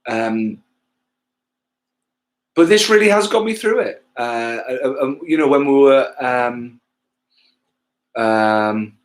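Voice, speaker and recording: Male musician from England, livestream host, mid-pitched, loose and rambling, casual swearer, self-deprecating. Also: expressive, slow, pauses often. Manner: rambling, loses his thread, swears casually, self-mocking. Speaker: musician hosting a livestream gig. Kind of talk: casual chat to livestream viewers.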